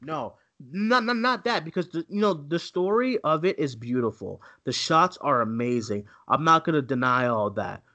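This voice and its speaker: Animated ranting man with a bright voice. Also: on the high side, normal speed, few pauses. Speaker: co-host. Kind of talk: casual movie rant.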